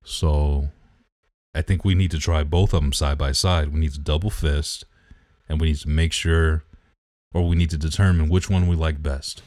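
Very deep-voiced man joking around. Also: fairly even intonation, normal speed, a little mellow, no room sound, studio quality. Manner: joking, teasing, nitpicky about beer. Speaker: podcast co-host. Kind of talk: casual chat.

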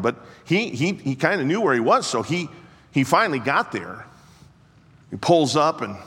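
A male preacher telling a story in a sermon, slow and building to impassioned peaks. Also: medium pitch, a bit bright. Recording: long hall reverb.

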